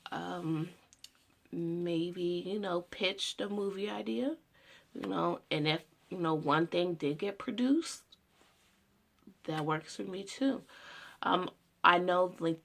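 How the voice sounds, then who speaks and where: Woman, 20s, low gravelly voice, loose casual monologue full of fillers. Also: a bit bright. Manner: rambling, heavy on "you know" fillers. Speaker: student making a personal video.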